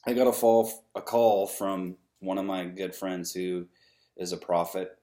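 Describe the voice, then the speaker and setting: A man's voice: low voice, steady tone, a little slow, dark tone. A man vlogging a casual, earnest rant to camera, rambling with many ums and restarts, frustrated but upbeat.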